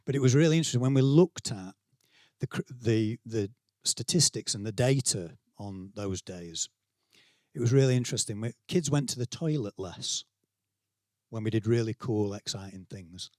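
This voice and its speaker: A man's voice: medium pitch, moderate pace, darkish tone, no echo, studio quality. A middle-aged man with a Yorkshire accent giving a conference talk to staff, conversational and self-deprecating, acting out quotes as he tells stories. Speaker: keynote speaker, school leader. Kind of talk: conference talk, anecdotal storytelling. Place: conference venue, speaking to staff.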